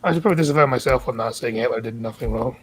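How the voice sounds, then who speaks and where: A man's voice: medium pitch, rapid-fire, husky, low-quality recording. A Scottish man in his twenties, a streamer bantering casually with friends, offhand and dry.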